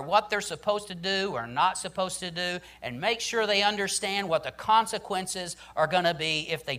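A man's voice: fairly high pitch, sharp tone. A man preaching a sermon on parenting, emphatic, often saying "listen" and "I'm telling you".

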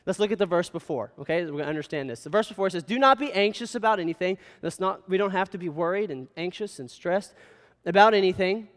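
A man's voice: high voice, fast talker. A man preaching a sermon, telling stories in a conversational way and often checking in with "okay?". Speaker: pastor. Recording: hall reverb.

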